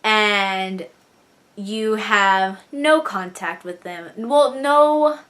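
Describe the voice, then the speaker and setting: A woman's voice: mid-range voice, drawn-out words, a bit bright. A young woman vlogging in a casual, chatty way, laughing now and then and getting teary as she talks about her brother. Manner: chatty, giggly, tearing up while reading a letter. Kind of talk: casual chat to camera.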